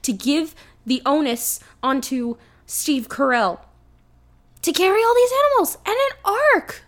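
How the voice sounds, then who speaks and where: Profane, animated woman podcast host. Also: high-pitched, unhurried. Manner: profane, animated, acts out quotes in mock voices. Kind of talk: casual chat.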